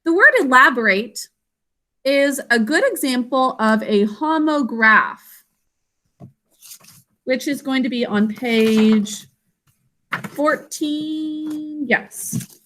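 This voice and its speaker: A woman teaching her class over a video call, patient and encouraging as she walks through each word step by step. Her voice is bright and somewhat high, with a forceful edge. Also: animated, slow, long pauses. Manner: explains step by step. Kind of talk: classroom instruction.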